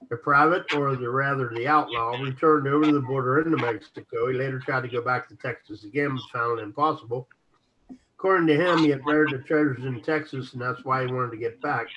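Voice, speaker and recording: Reading articles aloud on an internet radio show he co-hosts, a man with a mid-range voice talks a little fast and occasionally trips over words. Steady noise runs under the dull lo-fi recording.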